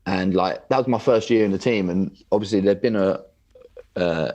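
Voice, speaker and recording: A young adult man, a footballer on a podcast, telling stories in a relaxed, rambling way full of "like". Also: low voice, normal speed. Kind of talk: casual interview chat.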